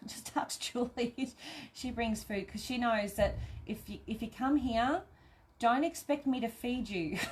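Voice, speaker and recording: Chatty Australian woman, laughing easily. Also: mid-range voice. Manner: chatty, laughs often, cheerfully swears. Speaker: host of a live craft stream. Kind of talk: casual live chat reading viewer comments.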